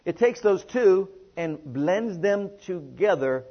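This preacher's voice sits high with lively intonation, and he speaks slowly yet barely pauses. He leads his congregation in call-and-response, stretching emphatic lines, on a muffled, lo-fi recording.

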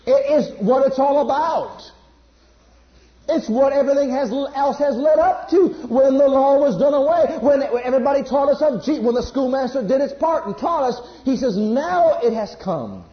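High-voiced emphatic man preaching. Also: expressive, normal speed. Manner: emphatic, swings between loud bursts and quiet asides. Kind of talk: sermon. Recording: echoey room, dull lo-fi sound.

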